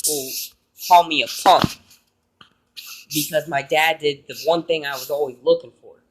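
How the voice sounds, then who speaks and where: A man's voice: a little high, fairly even intonation, moderate pace, rough recording. A man vlogging, telling an emotional personal story in an earnest, rambling way.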